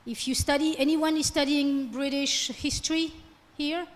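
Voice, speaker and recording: Female lecturer, high voice, lively, long hall reverb. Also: normal speed. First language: French. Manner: lively, keeps asking "okay?". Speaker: guest lecturer. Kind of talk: classroom lecture.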